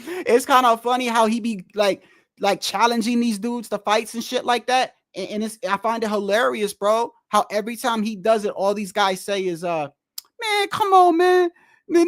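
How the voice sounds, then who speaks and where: High-voiced man rambling about boxing. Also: fairly bright tone, dry recording, studio quality. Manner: rambling, repeats "bro", restarts often. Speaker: streamer reacting to boxing clips. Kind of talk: casual reaction commentary.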